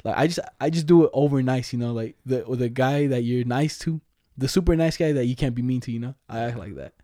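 Laid-back young man with a mellow voice. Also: medium pitch, brisk, dry recording, studio quality. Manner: laid-back slangy storytelling, frequent laughs. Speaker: podcast co-host. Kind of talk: casual chat.

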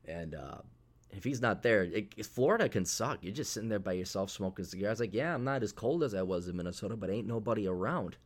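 A man's voice: on the low side, animated, brisk. A man hosting a casual solo podcast, talking in a blunt, profane, sarcastic way, rambling with fillers. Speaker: podcast host.

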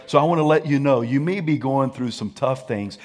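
A man pastor preaching a sermon in a lively, colloquial way and calling on the congregation to answer back. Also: mid-range voice, a little fast. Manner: energetic, colloquial, calls for audience response.

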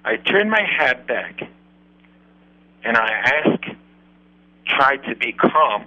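Man, unhurried storytelling, halting English, muffled radio sound. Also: medium pitch, very animated, bright, forceful tone. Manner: earnest, halting non-native English. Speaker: radio show host.

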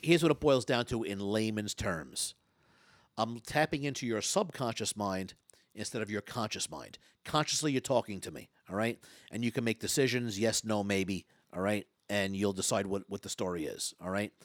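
A man, a stage hypnotist and former comedian, telling stories in an interview, talking fast and loud with lots of stammered restarts. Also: on the low side, dry recording, studio quality. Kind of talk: storytelling interview talk.

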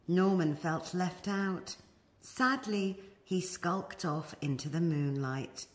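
A woman reading a children's story aloud as a storyteller, expressive and animated. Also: fairly low pitch, takes it slowly.

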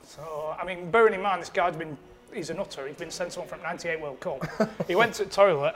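A man's voice: on the high side, fairly quick, a bit bright, soft background music. A man, rambling through a self-mocking anecdote on a podcast. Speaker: podcast producer. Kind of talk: casual storytelling.

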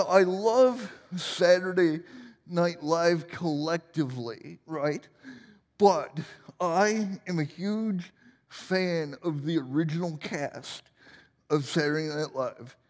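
A man's voice: high-pitched, a little mellow, long reverb tail. A man in his forties preaching a sermon in a church, joking and self-deprecating as he tells stories. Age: 40s. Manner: humorous, self-deprecating storytelling. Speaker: pastor. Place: church sanctuary.

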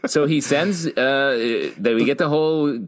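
A man's voice: medium pitch, a little slow. A man co-hosting a podcast, recapping a TV episode in casual, jokey chat and laughing often. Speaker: podcast co-host.

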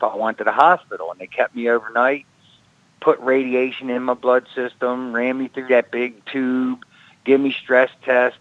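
A middle-aged man tells his story in a relaxed, ordinary register, stumbling over repeated words and tossing in "man" and "brother." His voice sits at an average pitch for a man. The sound is dry and muffled, like a lo-fi podcast feed. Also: no echo. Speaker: guest, retired wrestler. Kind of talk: casual storytelling.

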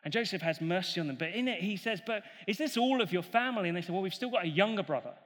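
A man preaching a sermon, retelling a story in an animated way and acting out the characters' voices. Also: high voice, fast. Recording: long hall reverb.

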